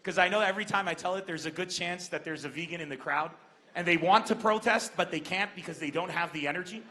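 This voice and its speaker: A man from Lebanon doing an animated stand-up comedy set on a large outdoor festival stage, acting out the voices he quotes. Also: sits high, quick pace, a little hiss or hum. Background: crowd laughter.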